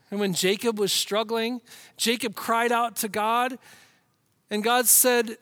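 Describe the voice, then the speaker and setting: A man preaching a sermon with passion, rhythmic and repetitive, swinging between hushed whispers and loud emphatic lines. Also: extremely high pitch, moderate pace, no room sound. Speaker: pastor.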